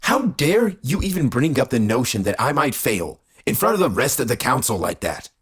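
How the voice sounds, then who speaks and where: A man's voice: medium pitch, very animated, normal speed, fairly bright tone, husky, voice pushed up, heavily acted. A man reading an audiobook, voicing a proud, touchy male immortal who speaks in an indignant, boastful way. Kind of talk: audiobook character voice.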